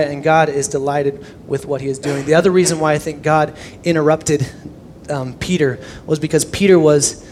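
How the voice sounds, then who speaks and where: A young man preaching a sermon, animated, swinging from loud emphasis to hushed near-whispers. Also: a little high, slight background noise. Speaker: pastor.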